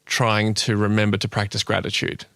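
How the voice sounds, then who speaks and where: An Australian man chats thoughtfully on a podcast and often stops and restarts his sentences. His voice is lowish and gravelly. The recording is dry and close. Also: monotone, normal speed, a bit bright, no room sound. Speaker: podcast co-host. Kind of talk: casual podcast chat.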